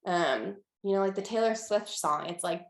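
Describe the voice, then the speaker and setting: A young woman talking casually as an interview guest, with lots of fillers and restarts, getting lively when she quotes people. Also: medium pitch, moderate pace, creaky, roomy sound.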